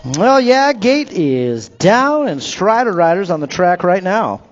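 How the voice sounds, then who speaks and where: A man calls live BMX motos over an outdoor track PA, running through rider names and finishing spots between quick jokes. His voice sits a little high for a man, and the sound is dull and lo-fi, like a public-address system. The delivery stays upbeat and conversational. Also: very animated, slight background noise. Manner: upbeat, joking asides between rapid race calls. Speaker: race announcer. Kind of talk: live BMX race commentary.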